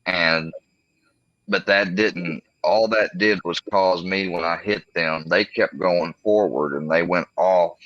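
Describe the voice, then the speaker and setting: Deep-voiced man telling a rambling story. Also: fairly even intonation, takes it slowly, a bit bright, no echo. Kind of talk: casual livestream chat. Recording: dull lo-fi recording.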